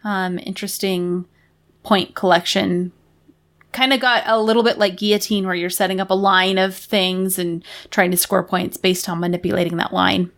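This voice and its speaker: A woman co-hosting a board game podcast, chatting in a relaxed, musing way with occasional hesitations. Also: medium pitch, moderate pace. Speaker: podcast co-host. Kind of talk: casual chat about board games.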